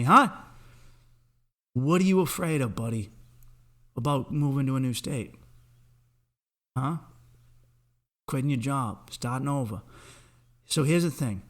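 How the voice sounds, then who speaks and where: A man's voice: mid-range voice, a bit bright. A young man hosting a podcast, delivering a rambling, profane comic pep talk straight at the listener. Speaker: podcast host.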